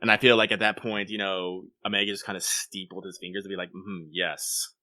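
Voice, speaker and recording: A man co-hosting a podcast in casual chat, rambling and animated, swearing offhandedly and often restarting his sentences. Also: fairly low pitch, fast talker, no room sound, clean studio sound. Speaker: podcast co-host.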